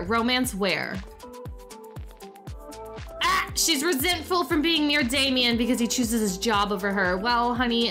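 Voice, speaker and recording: A young woman giving casual let's-play commentary, chatting and exclaiming as she talks to her game characters. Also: a little high. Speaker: gaming YouTuber. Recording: faint background music.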